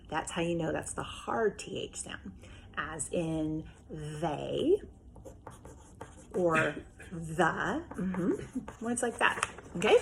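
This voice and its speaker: A woman teaching young children remotely, with a fairly low voice. She patiently sounds out each letter sound and checks in with the class. A faint hum sits in the background of her home recording. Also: vocal fry. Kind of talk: remote phonics and writing lesson.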